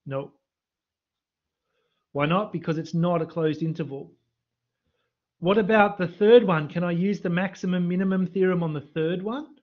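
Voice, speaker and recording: A man's voice: high voice, normal speed, pauses often, lo-fi sound. A man teaching a live-streamed maths revision lesson, quizzing students in the chat. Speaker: university maths lecturer. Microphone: computer mic on a live stream.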